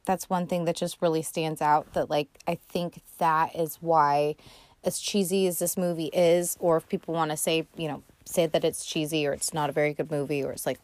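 A woman's voice: deep voice, a little mellow, no room sound. A woman hosting a podcast, casually recapping a movie in a chatty, sarcastic way with lots of swearing and fillers. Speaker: podcast host.

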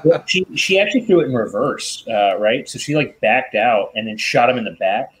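A man's voice: mid-range voice, fairly quick, breathy edge, low-quality recording. A man in casual chat, chiming in to add details to a recap. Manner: animated, adds details.

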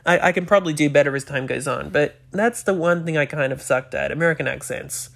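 A man's voice: on the high side, a little fast, vocal fry, a bit bright. A man hosting a podcast, chatting casually in a rambling, hesitant way with many restarts. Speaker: podcast host. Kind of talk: casual chat.

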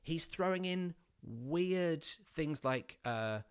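A man, an actor, telling a casual anecdote with many restarts and animated bursts. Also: a little high, extremely slow, smooth. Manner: rambling with many restarts, rising to animated outbursts.

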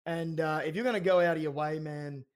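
A man's voice: fairly high pitch, steady tone, fairly quick, clear, resonant tone. A man co-hosting a casual podcast, talking loosely and heatedly, peppered with "mate" and "man". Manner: fired-up, loose talk full of "mate" and "man".

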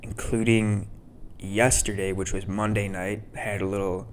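A man's voice: on the low side, flat delivery, a little slow, a little hiss or hum. A man hosting a podcast, telling stories in a laid-back, rambling way with casual swearing. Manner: laid-back, profane, storytelling. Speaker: podcast host.

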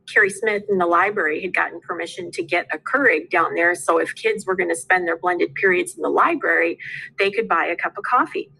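A woman's voice: fairly low pitch, sharp tone, rough recording. A middle-aged woman teacher, telling stories from her classes in casual conversation. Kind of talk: casual chat.

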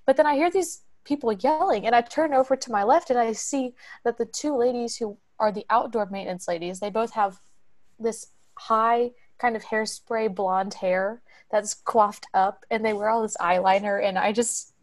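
A woman's voice: fairly high pitch, moderate pace, a little mellow. A young woman, telling a story on a podcast in a chatty way. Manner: chatty, acts out quoted voices. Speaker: podcast co-host.

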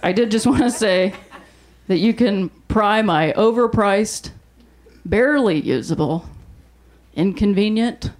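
A woman in her thirties hosting a live show and doing stand-up, telling stories in an animated way and laughing through her lines. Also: medium pitch, a little slow, long pauses. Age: 30s. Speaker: host and stand-up comedian. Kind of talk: live stand-up comedy set. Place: comedy stage before a live audience. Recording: loud background noise from the room. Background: audience laughter.

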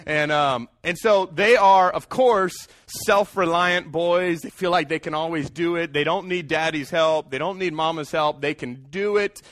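A man's voice: a little high, a little slow, few pauses, a bit bright, dry recording. A man, preaching a sermon and calling out to the congregation for answers. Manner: calls out to the congregation for responses. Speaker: pastor.

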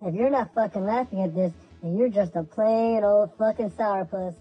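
A woman's voice: medium pitch, moderate pace, breathy edge, highs cut off, natural voice. A woman voicing a whiny, crude man with two toes in a comedy bit, mopey and sarcastic.

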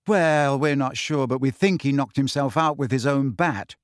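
A man's voice: medium pitch, moderate pace, dry recording, studio quality, natural voice. A man voicing a spirited, persistent teenage schoolgirl in an audiobook reading. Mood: urgent. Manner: earnest, persistent.

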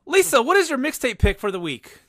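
A man hosting a podcast, running the segment in a jokey, relaxed way. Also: very high-pitched, brisk, dry recording, clean studio sound. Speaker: podcast host. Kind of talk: casual chat.

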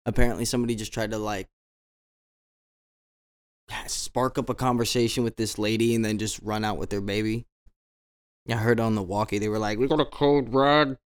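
A man with a somewhat low voice talks through casual stories on his own show. He rambles, circling back with fillers and false starts as he goes. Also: flat delivery, a little fast, long pauses, clear, resonant tone. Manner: rambling, many restarts and fillers. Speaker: podcast host. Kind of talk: casual storytelling monologue.

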